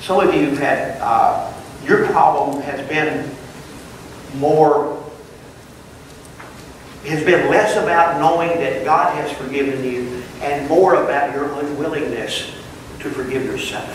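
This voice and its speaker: A man's voice: a little high, slow pace, long pauses, slight background noise. Man teaching scripture in an echoey room. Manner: earnest, reads verses aloud and explains them phrase by phrase. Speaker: Bible class teacher. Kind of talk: teaching a Bible class. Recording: distant mic in a very echoey room.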